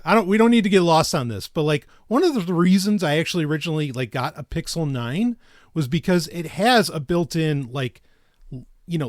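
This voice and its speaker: Male podcast co-host, slightly high, very lively pitch, rambling and laugh-prone, dry studio sound. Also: no room sound. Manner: rambling, self-interrupting, quick to laugh. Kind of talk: casual chat.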